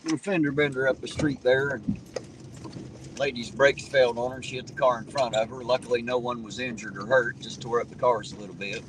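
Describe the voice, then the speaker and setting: A man talks in a loose, folksy ramble, his voice sitting at an ordinary middle pitch. He is chatting on a livestream from inside a moving car and reading out viewer comments. Clear road and engine noise runs under everything he says. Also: fairly even intonation, brisk. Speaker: livestream host reading chat. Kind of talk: casual chat. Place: inside a car while driving.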